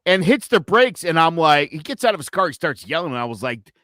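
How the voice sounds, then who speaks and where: A high, bright-voiced man co-hosts a casual podcast. His pitch jumps all over as he acts out every quote, swearing as he goes. The sound is close and dry. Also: fairly quick, no room sound. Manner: animated storyteller, acts out quotes, heavy swearing. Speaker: podcast co-host.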